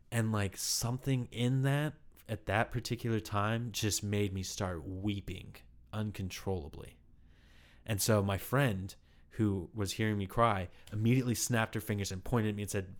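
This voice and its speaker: A man with a fairly low voice tells a story from his acting life in a casual interview. He speaks candidly and rambles, leaning on "like" as he searches for words. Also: steady tone, normal speed. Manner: candid, rambling with many "like" fillers. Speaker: actor.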